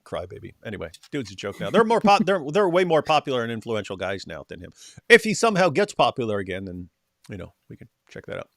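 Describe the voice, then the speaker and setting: A man's voice: mid-range voice, sing-song, quick pace, vocal fry, no echo. Sarcastic man hosting a dry livestream. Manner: sarcastic, mocking, trailing off quietly at line ends. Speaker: host. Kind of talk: casual livestream chat.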